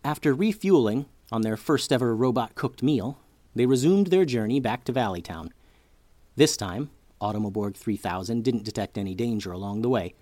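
A man narrating a children's story with a lively, expressive reading. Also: medium pitch, dry recording.

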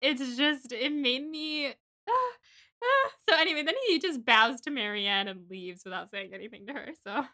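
Young woman co-host, casual book chat, gushing and animated, bright tone. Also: on the high side, moderate pace, few pauses. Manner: animated, gushing, tells the plot in a rush. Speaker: podcast co-host.

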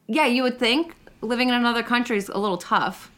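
A woman's voice: on the high side, fast talker, fairly bright tone. A young woman co-hosting a podcast, chatting in an opinionated, teasing way about celebrity gossip. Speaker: podcast co-host. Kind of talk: casual gossip chat.

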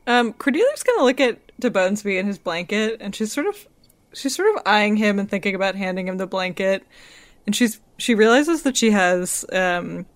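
A woman's voice: mid-range voice, sing-song, normal speed, dry recording. A woman playing a tabletop game, describing her character's actions in a hesitant, chatty way. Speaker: player. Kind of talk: tabletop role-play.

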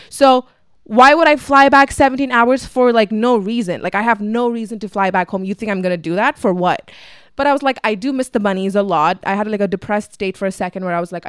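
A woman in her twenties from Dubai talks through a long personal story on her podcast, loose and chatty, peppering it with fillers and curse words. Her voice is smooth and clear. The sound is close and dry, with no room around it. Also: mid-range voice, no room sound. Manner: chatty, swears freely, fillers like "like". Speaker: podcast host. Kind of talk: casual storytelling monologue.

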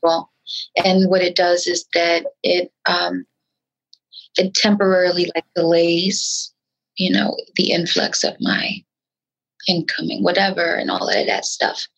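A woman from New York, a rapper talking in a casual interview, with a nasal voice and halting speech full of restarts. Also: level tone, creaky, fairly bright tone, rough recording. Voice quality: nasal, sometimes high-pitched. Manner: frantic, halting speech with many restarts and fillers. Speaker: rapper guest.

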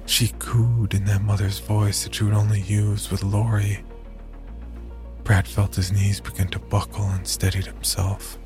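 A man reads a horror story in a very low voice that barely moves in pitch. His delivery is slow, measured and somber, with faint music playing underneath. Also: little pitch movement. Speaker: narrator. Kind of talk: scripted horror story narration.

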